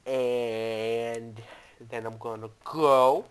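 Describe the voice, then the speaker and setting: A man doing let's play commentary, talking to his viewers and yelling and cursing at the game as he plays. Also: mid-range voice, normal speed. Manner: excitable, yells and curses at the game. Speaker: gaming YouTuber.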